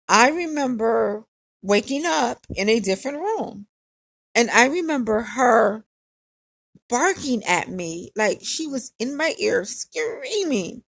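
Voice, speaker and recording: Woman, casual storyteller, candid and repetitive, slightly high, husky voice, dry close sound. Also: dry recording. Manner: candid, conversational, repeats phrases for emphasis.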